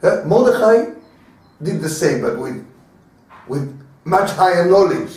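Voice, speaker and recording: A rabbi with a Hebrew accent teaches an informal class in English, stopping and repeating words as he hunts for terms and chuckling often. His male voice sits a little high. He sounds far from the mic in a very echoey room. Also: lively intonation, a little slow, a little mellow. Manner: chuckles often while explaining. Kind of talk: informal Torah lecture.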